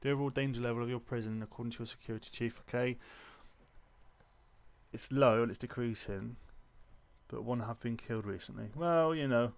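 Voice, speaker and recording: Guy chatting thru a game, jokey, mid pitch. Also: flat delivery, a little fast, gravelly. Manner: chatty and joking, reacting aloud as he plays. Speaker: gamer playing a management game. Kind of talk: casual let's-play commentary.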